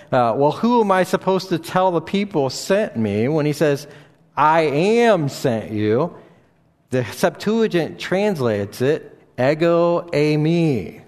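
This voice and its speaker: A man teaching from the Bible in an explanatory way, often pausing and restarting his sentences. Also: a little high, a little mellow. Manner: explanatory, with frequent fillers and restarts. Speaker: preacher. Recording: long reverb in a hall.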